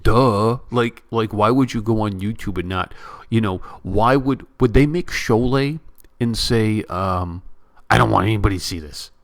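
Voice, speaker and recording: Give me a guy with a slightly low voice, venting casually on camera to his audience. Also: normal speed. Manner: animated, repetitive, addresses viewers directly. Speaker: YouTube vlogger. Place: home room near a bedroom.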